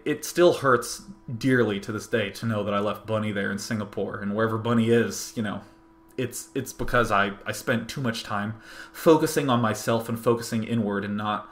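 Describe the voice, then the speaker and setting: A young man tells a personal story in a bright, forward voice. His delivery is animated and rambling, and he keeps restarting sentences as he works through his thoughts. It sounds like a casual monologue from a host. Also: mid-range voice.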